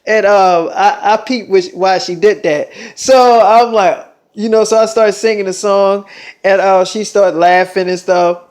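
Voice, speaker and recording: Rambling, profane young man with a high voice. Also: steady tone, moderate pace, a little mellow. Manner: rambling, profane, with repeated fillers. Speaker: vlogger. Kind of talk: casual storytelling monologue.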